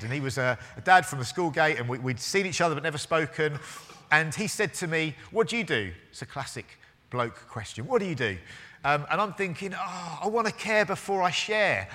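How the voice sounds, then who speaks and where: A pastor in his forties preaches a sermon in a church hall, his fairly high voice bright and forceful. He tells a story with hesitant restarts, acting out both sides of a conversation, and the hall adds a long reverb.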